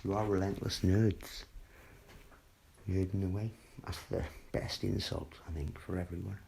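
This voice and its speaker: A man's voice: deep voice, fairly even intonation, unhurried, creaky, warm tone. A man rambling and swearing in a late-night home monologue, often dropping into murmurs and whispers. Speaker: vlogger. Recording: noisy home recording.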